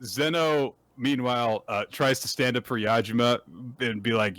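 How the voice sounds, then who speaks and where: A man's voice: medium pitch, steady tone, moderate pace, a bit bright, dry recording. A man hosting a podcast, casually and animatedly retelling manga chapters and laughing along. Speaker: podcast host.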